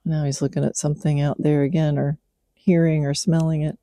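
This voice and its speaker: Low, gravelly-voiced woman talking softly. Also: a little fast, dry recording, clean studio sound. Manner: soft, relaxed, coaxing the horse with praise. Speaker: podcast host, horse trainer. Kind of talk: casual spoken reflection while working a horse. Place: outdoors at night with her horse.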